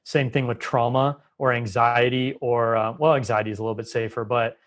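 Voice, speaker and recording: A man's voice: medium pitch, level tone, fairly quick, fairly bright tone. A man as a guest in a conversational interview, explaining with emphasis and changing his pace often. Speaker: Ayurvedic doctor, guest.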